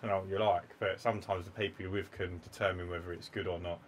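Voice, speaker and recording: A man's voice: low voice, little pitch movement, rapid-fire, a little hiss or hum. A man co-hosting a podcast, chatting in a laid-back way and swearing casually. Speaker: podcast co-host. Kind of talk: casual chat.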